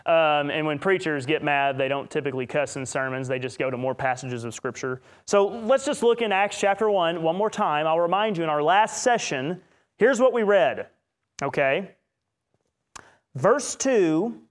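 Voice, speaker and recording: A man with a slightly higher voice teaches a Bible study session in the manner of a preacher. He is animated and throws in joking asides and mock voices as he makes his point. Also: moderate pace.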